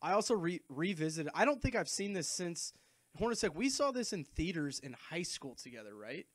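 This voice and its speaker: A man in his thirties hosts a relaxed movie commentary chat, his voice sitting a little high. He jokes at his own expense and keeps the banter loose, and the sound is dry and close with no room around it. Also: moderate pace, no echo. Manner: playful, self-mocking, loose banter. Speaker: podcast host.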